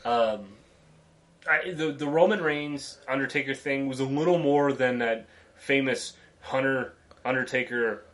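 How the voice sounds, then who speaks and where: A man co-hosting a casual wrestling podcast, an animated storyteller who acts out voices, swears and laughs often. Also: medium pitch, a little slow. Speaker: podcast co-host.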